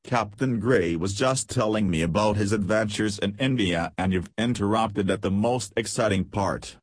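Guy reading a society lady begging, urgent, low husky voice, close dry sound. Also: moderate pace, no room sound. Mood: pleading. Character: proud society lady, pleading and bitter.

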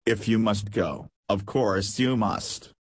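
A man's voice: lowish voice, takes it slowly, slightly rough, no room sound. A man reading the part of a scheming aristocratic lady who talks lightly and insinuatingly. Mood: silky. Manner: light, falsely sweet and insinuating.

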